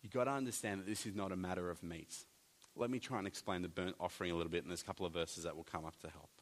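A man preaching a sermon, animated, with jokey asides and big swings between loud and soft. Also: deep voice, racing. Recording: long hall reverb.

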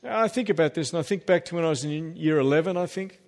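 Preacher in a reverberant hall. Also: male voice, on the high side, fast talker. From Australia. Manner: emphatic preaching with humorous asides. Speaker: pastor. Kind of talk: sermon. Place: church hall.

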